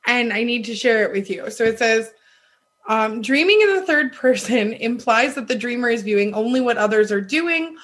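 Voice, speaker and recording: A woman's voice: fairly high pitch, animated, normal speed, a bit bright. A woman in a casual chat, reacting to a friend's story with wry, teasing comments.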